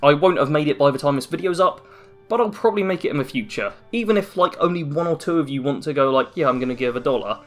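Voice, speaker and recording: A man's voice: a little high, lively intonation, fast talker, soft background music. Rambling, self-mocking young man. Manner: rambling, self-deprecating, jokey asides. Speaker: YouTube channel host. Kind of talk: casual end-of-year update vlog. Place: dim room at home after a work shift.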